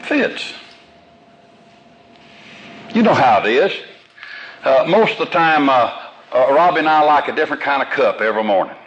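A man's voice: medium pitch, animated, fairly quick, fairly bright tone, rough recording. An older man, a pastor, preaching a sermon to a congregation in a folksy, homespun way with everyday examples. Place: room with a congregation.

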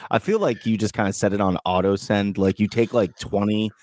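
A man, co-hosting a podcast in animated, joking banter and swearing freely. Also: fairly low pitch, a little fast. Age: 30s. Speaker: podcast co-host. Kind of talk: casual chat. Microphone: remote call setup.

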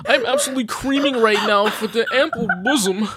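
A woman putting on an impression of a middle-aged male pundit, gushing loudly and half laughing. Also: fairly high pitch, brisk, pitched above the performer's own voice, close to an everyday voice.

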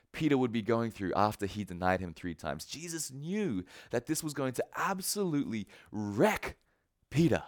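A man's voice: mid-range voice, no room sound, clean studio sound. A man preaching a casual sermon, retelling a story and acting out the characters' lines in a conversational way. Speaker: pastor.

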